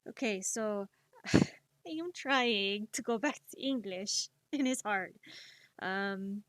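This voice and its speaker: A woman's voice: medium pitch, fairly bright tone, dry recording. A young woman with a Spanish accent, chatting casually on a stream while she draws, rambling and poking fun at herself. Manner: rambling, self-deprecating, laughs often.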